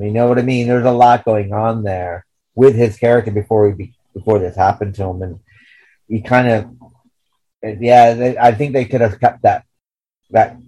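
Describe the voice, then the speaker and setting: Guy with a lowish voice chatting on a podcast, meandering, lots of you knows and restarts. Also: dark tone, low-quality recording. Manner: rambling, thinks aloud with many restarts and "you know". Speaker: podcast co-host. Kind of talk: casual discussion of a TV series.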